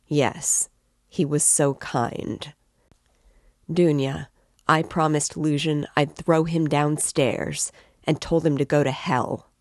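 A woman's voice: deep voice, steady tone, takes it slowly, dry recording, studio quality. A woman voicing a feverish, irritable young man who speaks in a broken voice.

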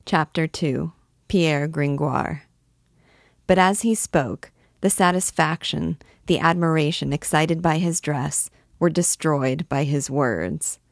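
Low-voiced woman reading a classic novel. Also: gravelly, no room sound, clean studio sound. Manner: measured, expressive reading with voiced quotes. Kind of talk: read-aloud narration.

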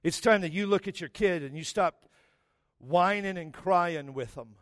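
High-pitched middle-aged pastor, storytelling sermon, self-mocking then emphatic, dry close sound. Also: male voice, a little slow, no room sound. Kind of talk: sermon with personal stories.

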